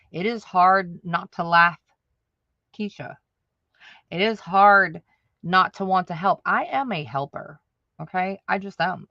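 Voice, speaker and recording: A woman hosts a casual audio-only livestream, chatting directly to her viewers and laughing often. Her mid-range voice has a sharp tone, and the dry recording has its highs cut off.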